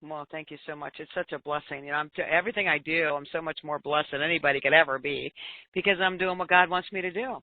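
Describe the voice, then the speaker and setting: A woman's voice: deep voice, fairly even intonation, fast, no room sound. An older woman, a business coach and author, telling stories earnestly as a talk show guest and laughing often. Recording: tinny phone line.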